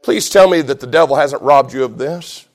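This middle-aged man, a pastor, speaks at a normal pace in a mid-range voice. His sermon includes a lively personal anecdote, retold with shouts and laughter, that climbs toward forceful, repeated lines of preaching.

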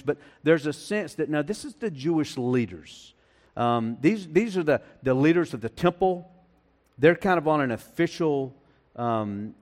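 A man's voice: fairly high pitch, in a large hall. A man preaching a sermon as pastor, talking in a conversational way with frequent restarts and fillers.

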